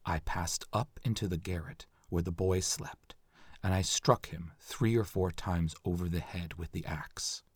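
Man reading as a low, quiet, condemned 1800s axe killer confessing in a dry, flat read. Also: unhurried, slightly rough, dry recording. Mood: grim. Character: male convicted axe murderer confessing, 1800s.

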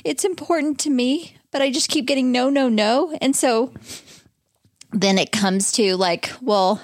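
A woman in her thirties co-hosting a candid chat podcast, talking in an earnest, rambling way with halting restarts. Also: fairly high pitch, dry recording, studio quality. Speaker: podcast co-host.

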